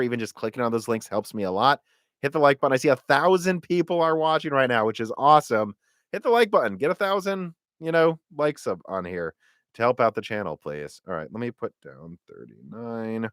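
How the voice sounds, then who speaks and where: A man hosting a live tech Q&A stream, talking in an animated, rambling way and often correcting himself mid-sentence. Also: lowish voice, clear, resonant tone, no echo, studio quality. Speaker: tech podcast host.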